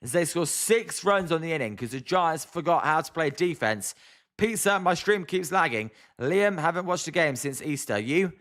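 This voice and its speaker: A man's voice: on the high side, expressive, moderate pace, fairly bright tone. British guy doing casual play by play on a stream, fed up with his team, talks to chat a lot. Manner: exasperated, chatty, reads viewer comments aloud. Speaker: live-stream sports commentator. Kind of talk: casual play-by-play watch-along.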